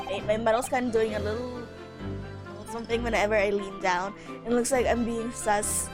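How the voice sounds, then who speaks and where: A woman streamer chatting casually and excitably between voiced game lines, laughing often and swearing. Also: fairly high pitch, brisk, over music. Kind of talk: casual live-stream chat while voicing game characters.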